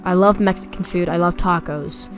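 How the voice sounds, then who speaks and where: Young female YouTuber, excitable play-by-play, light music bed. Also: lowish voice, moderate pace. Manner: excitable, chatty, repeats words when stressed. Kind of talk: casual gameplay commentary. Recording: faint music behind.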